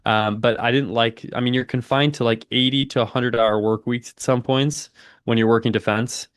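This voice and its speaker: A young man in his twenties talks casually on a live trading stream. His voice sits at an ordinary middle pitch and is recorded close and dry. He tosses in slang and a steady stream of "dude" between market calls. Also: normal speed, clean tone, no echo. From United States. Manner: laid-back slangy, says "dude" a lot, reads chat aloud. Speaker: livestream trading host. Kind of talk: casual livestream chat and market commentary.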